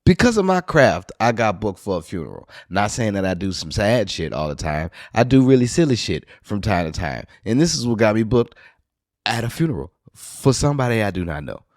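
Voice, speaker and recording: A man from New Orleans with a local accent, hosting a podcast and telling a rambling, profane story in casual monologue, now and then jumping into high excited bursts. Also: fairly quick, no echo, clean studio sound. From New Orleans, USA. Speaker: podcast host.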